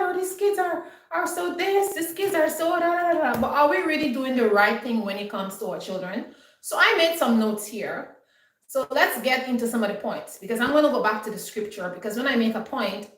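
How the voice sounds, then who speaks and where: A woman giving earnest, preachy parenting advice drawn from scripture in a casual, animated way. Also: a little high, recorded from a distance. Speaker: homestead channel host giving Bible-based parenting advice. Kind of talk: casual talk. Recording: echoey room, voice off-mic.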